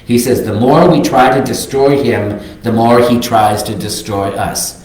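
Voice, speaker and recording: A man's voice: mid-range voice, measured pace, a little mellow, slight background noise. An older man giving a reflective, earnest sermon as a minister, reading quotes aloud. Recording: very echoey sanctuary.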